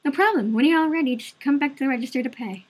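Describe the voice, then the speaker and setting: Lady putting on a squeaky polite waitress, loud and chirpy. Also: quick pace, lightly acted. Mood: cheerful. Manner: bright, chirpy. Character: friendly young woman waitress, polite.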